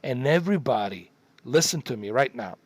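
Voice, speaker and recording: A middle-aged man spins a story for his viewers in a casual, profane, rambling way, hammering the same points again and again. His voice sits at an everyday pitch, and the room around him sounds close and dry, with no echo. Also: expressive, a little fast, husky. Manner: profane, rambling, emphatic, repeats himself. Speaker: streamer telling a story.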